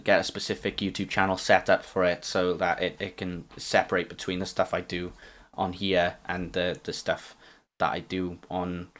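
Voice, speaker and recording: A man's voice: sits low, completely flat delivery, moderate pace, fairly bright tone. A man from England hosting a podcast and streaming, talking casually with lots of restarts and fillers. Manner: rambling, many restarts and fillers. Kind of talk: casual chat.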